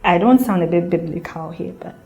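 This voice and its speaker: A woman's voice: lowish voice, fairly quick, dark tone, faint music behind. A young woman from Ghana telling her own birth story in an earnest, emotional way and acting out the people she quotes. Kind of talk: personal storytelling.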